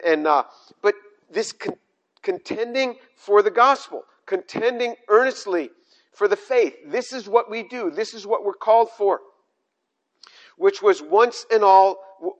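An older man preaching a sermon, emphatic, repeating key phrases and restarting sentences as he goes. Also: sits high. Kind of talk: sermon on scripture.

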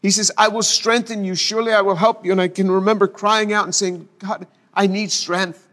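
A middle-aged man preaching an expository sermon, earnest, repeating key phrases for emphasis and stumbling into quick restarts. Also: high-pitched, flat delivery, a bit bright.

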